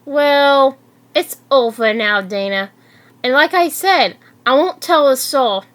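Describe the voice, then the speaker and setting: A woman reading aloud and voicing a kind teenage schoolgirl who speaks in a gentle, reassuring way. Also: high voice, expressive, slow, full character voice. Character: kind teenage girl student, comforting.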